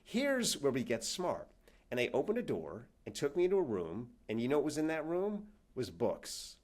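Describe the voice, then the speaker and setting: A man, a professor and author, answering interview questions as an animated storyteller who acts out the people he quotes. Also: medium pitch, a little fast.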